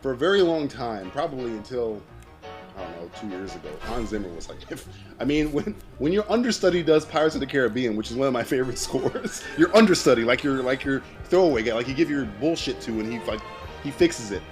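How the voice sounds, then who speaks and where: A man's voice: mid-range voice, big pitch swings, fast, faint music behind. A man co-hosting a podcast in casual chat, rambling with frequent restarts, swearing and laughing often. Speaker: podcast co-host.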